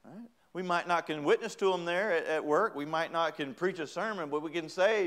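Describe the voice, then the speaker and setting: A middle-aged man preaching a sermon in a folksy, humorous way, acting out little quoted voices and rising to loud, emphatic praise. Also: fairly high pitch, brisk, hardly any pauses.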